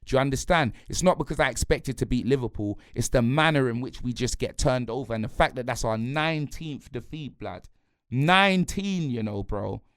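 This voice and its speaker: A man's voice: medium pitch, fairly quick, few pauses, dry recording. Brief: angry man mid-rant, slangy and repetitive, dry close sound. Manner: heated, slangy, repetitive, punctuates lines with "blood" and "fam". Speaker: football fan pundit.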